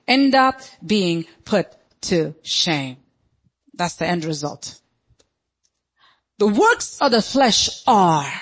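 A woman's voice: on the high side, fairly bright tone. Emphatic woman preaching a sermon. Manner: emphatic, dramatic, acts out quotes. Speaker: pastor.

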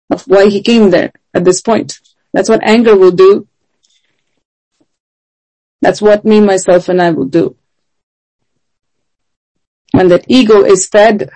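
Mellow-voiced woman preaching earnestly. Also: medium pitch, steady tone, slow, long pauses, poor audio. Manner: earnest, emphatic, with rhetorical questions. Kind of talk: sermon.

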